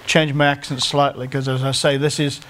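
A man's voice: medium pitch, little pitch movement, normal speed, a bit bright. A middle-aged man with a North Staffordshire English accent preaching a sermon in a conversational, self-deprecating way, often stopping to restart his phrases.

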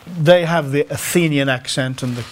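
A middle-aged man with a North Staffordshire accent preaches in an easy, conversational way. He laughs at himself and often breaks off to start a phrase again. His voice sits slightly higher than most men's. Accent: English, North Staffordshire. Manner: conversational, self-deprecating, with halting restarts. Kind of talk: sermon.

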